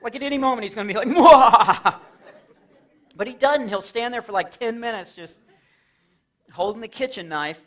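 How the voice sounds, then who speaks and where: A middle-aged man from Texas doing live Christian stand-up in a church, telling stories with lively acted-out quotes. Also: very high-pitched, fast talker. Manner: animated storytelling with acted-out quotes and laughs. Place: church hall with a live audience.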